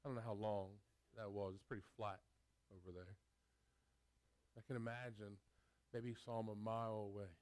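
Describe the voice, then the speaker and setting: A pastor preaching a sermon, retelling a story with animated, stammering repeats. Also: male voice, on the low side, moderate pace, pauses often.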